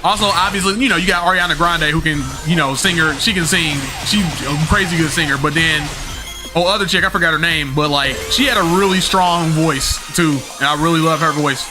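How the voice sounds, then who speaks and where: High-voiced young man chatting loosely on stream. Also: a little fast, music in the background. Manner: rambling, slangy, loose, with frequent fillers and swearing. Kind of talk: live-stream chat with viewers.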